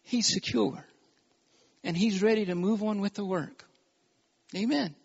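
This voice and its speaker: A man preaching a sermon in a very high voice, pressing each point with emphasis. He keeps calling for amens from the congregation. The recording sounds dull and lo-fi. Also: measured pace, creaky, darkish tone, husky. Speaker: pastor.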